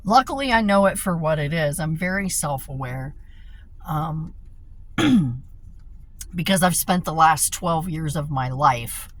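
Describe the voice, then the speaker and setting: A woman's voice: sits low, expressive, unhurried, poor audio. A tired middle-aged woman venting in a rambling, profane monologue from inside a car, recorded on a phone. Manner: rambling, profane, laughs between thoughts. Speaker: vlogger.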